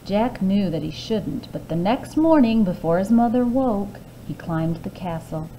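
A woman librarian reading a fairy tale aloud to children, expressive with hushed asides. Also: mid-range voice, a little slow, a little hiss or hum, rough recording.

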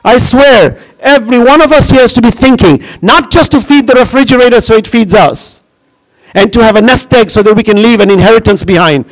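A man who grew up in New York delivers a Ramadan lecture with a fairly high voice. He speaks with fervor and presses his listeners with question after question. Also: lively intonation, moderate pace, poor audio. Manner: impassioned, rhetorical questions.

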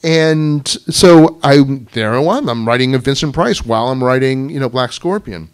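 A man's voice: mid-range voice, moderate pace, clear, resonant tone. A man as guest speaker at a writers club, telling anecdotes in a casual, chatty way full of "you know". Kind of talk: casual storytelling talk to an audience. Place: club meeting room.

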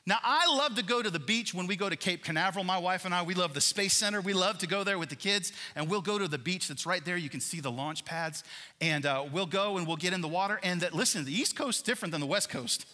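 A man preaches to his congregation in a lively, animated way, often turning questions back to the listeners. His voice sits a bit high for a man and rings bright and forceful. The sound carries the long reverb of a large church hall. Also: fast. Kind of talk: sermon. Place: large church worship center.

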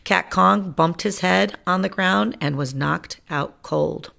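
A woman reading a funny children's picture book aloud in a playful, lively storyteller manner. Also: lowish voice, slow, vocal fry.

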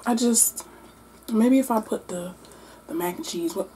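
A woman doing a mukbang-style book wrap-up, animated and exclamatory as she talks between bites. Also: on the high side, unhurried, slight background noise. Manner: animated, exclamatory, talking while eating. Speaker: book vlogger.

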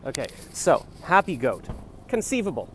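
A man's voice: fairly high pitch, huge pitch swings, moderate pace, a little hiss or hum. A young man rambling in a comic vlog outdoors on a city street, musing and free-associating, recorded on a handheld phone. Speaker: comedian vlogger.

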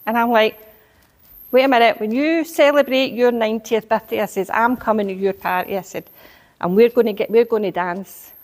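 Animated woman preaching. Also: fairly high pitch, normal speed. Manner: animated storytelling, rising to emphatic exhortation. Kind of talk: sermon.

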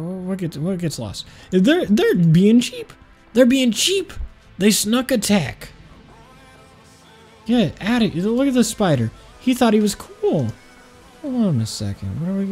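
A man chats his way through a video game in loose, rambling commentary. His voice sits a little high with a mellow, soft tone, and he keeps stopping mid-thought to mutter "hold on". Faint game music plays under him. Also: slightly rough. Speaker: gaming channel host. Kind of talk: casual gameplay commentary.

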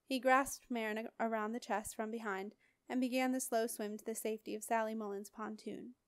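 A woman narrates a fantasy audiobook with expressive, dramatic storytelling. Her voice sits slightly high. The recording is close and dry, with no reverb. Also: fairly quick. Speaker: audiobook reader.

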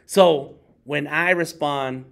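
A man's voice: slow, creaky, a bit bright. A middle-aged man, a working artist, giving a casual workshop talk and acting out other people in jokey voices. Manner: conversational, acts out others in high jokey voices.

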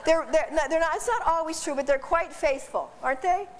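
A high-pitched woman lecturing in an informal, chatty style, often laughing and tripping over repeated words. Her voice carries in a long, echoing hall, as if recorded from the back of a lecture room. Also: brisk, some chatter behind. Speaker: dog behavior consultant. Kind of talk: informal seminar talk. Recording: distant voice in a reverberant hall.

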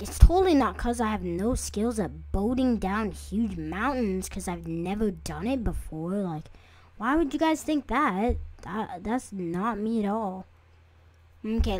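A young woman, a gaming video creator, does casual let's-play commentary, chatting to her viewers as she plays. She's jumpy and easily startled, breaking into sudden squeals. Her voice is a little high and a little mellow.

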